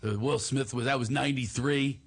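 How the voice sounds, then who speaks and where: A man's voice: mid-range voice, a little fast, gravelly. A man in his forties hosting a radio show, telling comic stories and acting out lines and voices. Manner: animated storyteller, acts out voices and lines.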